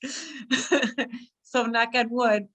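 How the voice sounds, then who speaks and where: A woman tells a personal story to friends in a casual, animated way. Her voice is fairly high and bright. She jumps into her own past lines with lively energy. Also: moderate pace.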